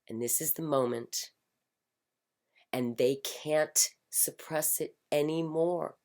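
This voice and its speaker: A middle-aged woman speaking in a passionate personal monologue, emphatic and repetitive, swinging from loud declarations to hushed whispers. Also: low-pitched, slow pace. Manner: fervent, repetitive chanting phrases. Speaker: spiritual commentator.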